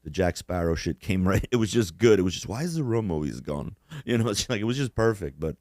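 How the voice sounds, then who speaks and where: A man's voice: fairly low pitch, fast talker, darkish tone, no room sound, clean studio sound. A man co-hosting a casual podcast chat, swearing constantly and rambling, often laughing as he mimics people. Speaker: podcast co-host.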